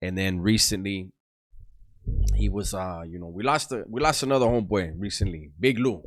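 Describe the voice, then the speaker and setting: A man's voice: low voice, normal speed. Laughing man telling a street story. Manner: laughs often, streetwise slang, lively retelling. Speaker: YouTuber. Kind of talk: casual storytelling.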